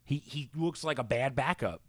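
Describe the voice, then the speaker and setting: A man co-hosting a casual sports podcast, talking in opinionated, rambling takes with quick asides. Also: mid-range voice, no room sound. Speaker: podcast co-host.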